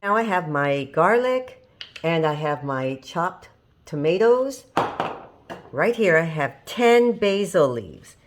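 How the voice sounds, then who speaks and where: Lower-voiced woman chatting while cooking. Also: big pitch swings, slow pace, noisy background. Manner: chatty, homey, laughs at herself. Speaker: home cooking channel host. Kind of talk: casual cooking demonstration. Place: home kitchen.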